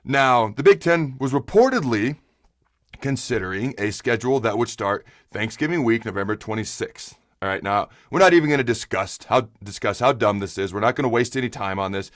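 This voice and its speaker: A man's voice: mid-range voice, lively intonation, a little fast, a bit bright, dry recording, studio quality. A man hosting a sports talk show, ranting with rhetorical questions and emphatic asides. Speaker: host. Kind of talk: opinionated sports talk monologue.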